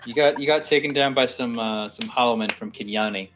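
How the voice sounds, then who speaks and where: Deep, dry-teasing woman game master. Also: a little fast, a little hiss or hum. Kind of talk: hosting a stream outro.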